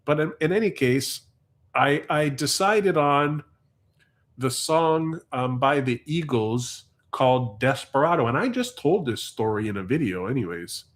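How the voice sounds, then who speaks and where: A man's voice: mid-range voice, lively intonation, a little slow. A man hosting a long livestream, telling a rambling story in casual chat. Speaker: livestream host. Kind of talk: casual live stream chat.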